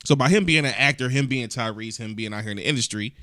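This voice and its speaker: A man's voice: mid-range voice, fast talker, no room sound, clean studio sound. A man from Cleveland co-hosting a casual podcast, telling stories animatedly and hedging his opinions. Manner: animated storyteller, laughs often, hedging restarts. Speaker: podcast co-host.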